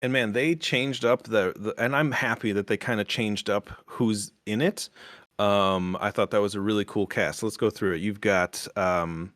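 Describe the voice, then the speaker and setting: A man's voice: on the low side, fairly even intonation, normal speed, fairly bright tone, no room sound, studio quality. A man hosting a casual podcast review chat, rambling with lots of fillers and restarts. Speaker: podcast host.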